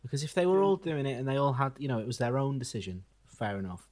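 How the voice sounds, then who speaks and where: A young man co-hosting a podcast, giving wry, deadpan song reviews. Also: medium pitch, fast. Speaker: podcast co-host. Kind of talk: casual music review chat.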